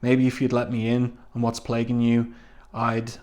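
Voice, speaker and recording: A man's voice: mid-range voice, completely flat delivery, normal speed, a little mellow, close to an everyday voice. A man reading as a fed-up woman calling it off. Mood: weary. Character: woman ending a relationship by answering-machine tape.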